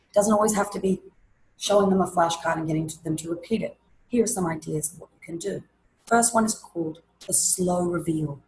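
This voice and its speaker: A woman presenting an online teaching webinar, explaining classroom activities in a lively way and acting out examples. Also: on the low side, slight background noise, poor audio. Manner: lively, demonstrates classroom voices and chants.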